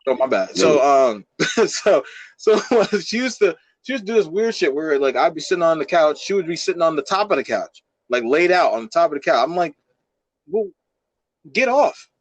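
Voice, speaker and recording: In a dry recording, a young podcast co-host with a voice on the high side speaks a little fast. He relates a story loosely and with energy, swearing freely and leaning on lots of filler words.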